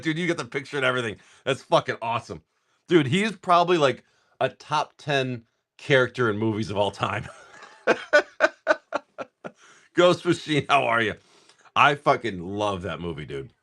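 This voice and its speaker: Male live-stream host, casual and profane, bright and animated delivery. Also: mid-range voice. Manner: upbeat, swears casually, greets viewers by name. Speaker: live-stream host opening card packs.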